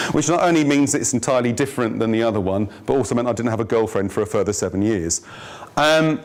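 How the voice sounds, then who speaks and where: A man giving a business training workshop, lively and jokey, quizzing his audience. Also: medium pitch, quick pace. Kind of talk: workshop presentation. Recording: noisy room recording.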